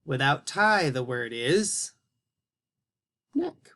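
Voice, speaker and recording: Slow, patient male children's teacher. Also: a little high, very animated, a bit bright. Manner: slow, encouraging, carefully spelled-out words for young kids. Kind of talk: children's phonics lesson.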